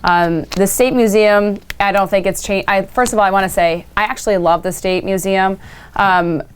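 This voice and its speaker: Woman candidate, smooth crisp voice, talks easy and lively. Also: mid-range voice, moderate pace. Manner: fluent and animated, with asides. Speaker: mayoral candidate. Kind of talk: candidate forum answer.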